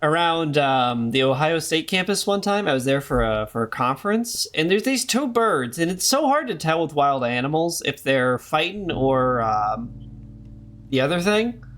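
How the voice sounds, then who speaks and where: A man's voice: on the high side, sing-song, normal speed, a bit bright. A man streaming a game, talking in rambling casual commentary full of jokey asides. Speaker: gaming streamer.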